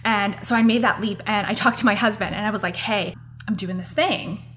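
A woman's voice: medium pitch, a little fast, fairly bright tone. A woman, hosting a motivational podcast. She talks in an earnest, chatty way, as if speaking directly to her listeners. Faint music plays in the background. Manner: earnest, chatty, addresses listeners as "you guys". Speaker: podcast host. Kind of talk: casual motivational podcast monologue.

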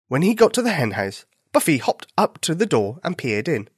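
A man narrating a children's bedtime story in a gentle, expressive way. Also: on the high side, moderate pace, breathy edge, no echo, studio quality.

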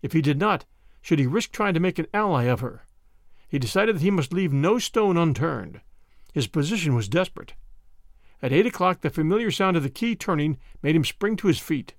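A man narrating a mystery novel as an audiobook, with expressive storytelling. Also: on the high side, fairly quick, no room sound, clean studio sound.

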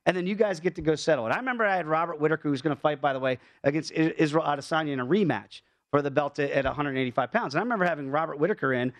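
A man talking as a fight analyst on a sports betting show, emphatic and quick to pile up points. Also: on the high side, no echo. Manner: fast, emphatic, jumps between points.

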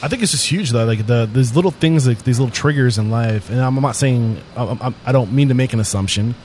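A man's voice: medium pitch, fast, a little mellow, a little hiss or hum. A man hosting a casual interview, earnest and probing, who swears casually. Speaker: podcast host.

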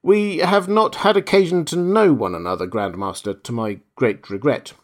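A man's voice: mid-range voice, steady tone, normal speed, pitched above the performer's own voice, natural voice. A man voicing a polite male official who sounds hesitant and puts on a forced heartiness.

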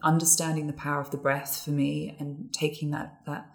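A woman with a low voice talks as a guest on a podcast over a video call. She sounds easy-going and chatty, sprinkling her sentences with small fillers. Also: moderate pace, vocal fry. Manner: relaxed, chatty, warm agreement with frequent fillers. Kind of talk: casual conversation.

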